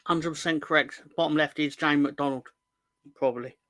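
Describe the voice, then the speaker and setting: A man's voice: a little high, fairly even intonation, normal speed, bright, forceful tone, no room sound. A man hosting a football fan livestream in casual chat, rambling and joking, often correcting himself mid-sentence. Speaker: host of a football fan show.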